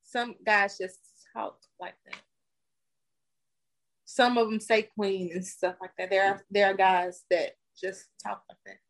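A woman's voice: medium pitch, level tone, measured pace. A woman co-hosting a casual chat, teasing her partner and explaining her view patiently. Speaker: podcast co-host.

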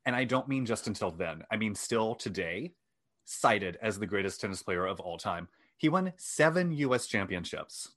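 Low-ish guy telling a story on a podcast, wry and joking at himself, reads off notes sometimes. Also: lively intonation, normal speed, a bit bright. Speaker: podcast host. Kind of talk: casual storytelling chat.

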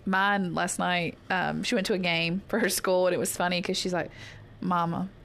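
A woman's voice: lowish voice, moderate pace, creaky, a little hiss or hum. A woman co-hosting a podcast in casual chat, acting out conversations with her kids. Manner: animated, acts out family dialogue. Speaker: podcast co-host.

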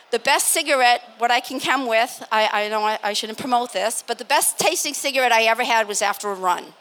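An older woman from Massachusetts telling a lively story as a guest on a live panel, laughing and acting out what people said. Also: sits high. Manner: animated, laughing, acts out quotes. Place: live expo stage.

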